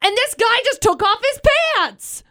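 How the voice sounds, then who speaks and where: A woman co-hosting a radio show, telling animated stories and laughing often. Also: extremely high pitch, normal speed, no room sound, clean studio sound. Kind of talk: casual radio banter and anecdote. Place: radio studio.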